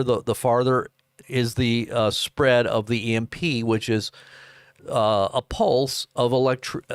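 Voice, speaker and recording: An American man talks through live news commentary in a middle-pitched voice, rambling and circling back with fillers. The sound is dry and close, with no room around it. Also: no echo. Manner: rambling, many fillers and restarts.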